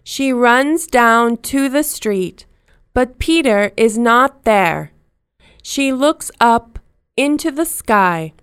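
A woman narrating a children's storybook in simple, slow, clearly spoken sentences. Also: fairly high pitch, animated, a bit bright, no echo, studio quality.

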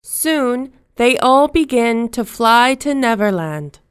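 A woman narrating a children's storybook in simple, slow, clearly spoken sentences. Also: a little high, animated, dry recording, clean studio sound.

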